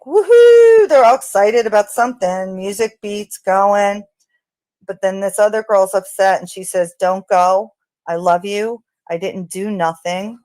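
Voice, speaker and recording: A woman hosting a true crime channel, talking casually in an unhurried, hesitant way with frequent ums. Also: medium pitch, a little mellow, no echo. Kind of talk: casual spoken commentary.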